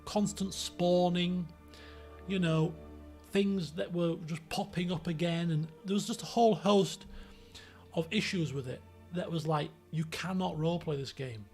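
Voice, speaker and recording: Yorkshire man, streamer, raised pitch, gravelly, rambling casual chat, faint music under. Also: a little slow, a little mellow. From Yorkshire, England. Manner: rambling, many fillers and restarts.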